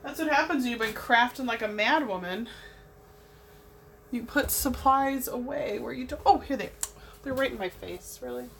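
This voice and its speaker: Brief: young woman, bubbly craft livestream host, a fairly high voice, chatty asides while she works. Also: normal speed, gravelly, a bit bright, a little hiss or hum. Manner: bubbly, chatty, talks to viewers while working. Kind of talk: casual chat while painting.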